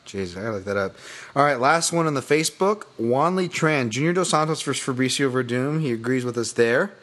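A male podcast host talks in loose sports chat at a middling pitch. He rambles and restarts, swears freely and gets excited about the fights. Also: fairly quick.

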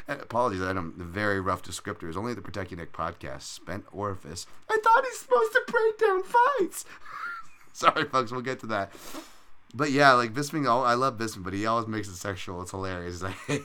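A man's voice: on the low side, wildly swooping pitch, normal speed, sharp tone. A man hosting a fight betting podcast in casual, profane, rambling chat with self-mocking jokes.

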